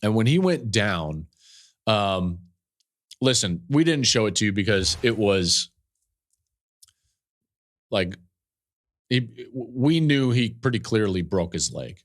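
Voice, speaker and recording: A man with a lowish voice hosts a sports podcast. He tells a story earnestly, at times close to tears, repeating himself and reaching for fillers along the way. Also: expressive, slow, long pauses. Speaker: podcast host and football analyst.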